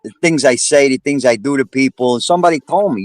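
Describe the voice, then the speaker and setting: A man's voice: medium pitch, quick pace. A man from Brooklyn with a New York accent, a panel guest chatting casually and joking about his street vending. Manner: jokey, streetwise, repeats words. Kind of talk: casual livestream chat.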